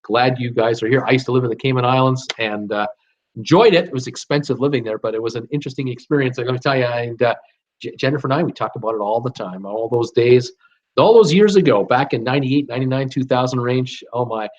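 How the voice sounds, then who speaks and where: A man's voice: mid-range voice, quick pace. Chatty man hosting a lo-fi live stream. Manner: chatty, upbeat, reads names and greetings aloud with many fillers. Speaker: host of a live cruise chat show. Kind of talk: live stream reading viewer comments.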